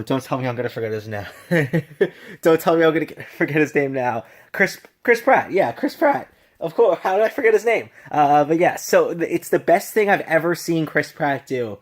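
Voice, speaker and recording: A tipsy man casually reviewing a film on his vlog, gushing and rambling with many restarts and laughs. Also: a little high.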